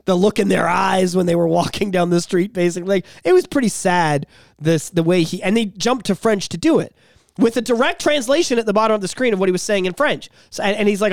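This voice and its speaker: A podcast co-host who talks bluntly and swears, slipping into sarcasm. The voice sits at a middling pitch and sounds dry and close, with no echo from the room. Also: brisk, gravelly. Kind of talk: casual political chat.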